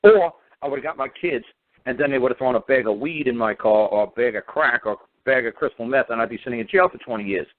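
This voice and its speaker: A man speaks with forceful intensity and drives each point home by repeating it. His voice sits at an ordinary middle pitch. It comes through a thin, tinny phone line. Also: fast talker, no echo. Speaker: radio show guest speaker. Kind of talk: impassioned talk radio storytelling.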